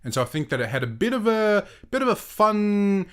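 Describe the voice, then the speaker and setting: A man's voice: high voice, big pitch swings, brisk. A man co-hosting a casual film review podcast, explaining his views thoughtfully with hesitant fillers. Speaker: podcast co-host.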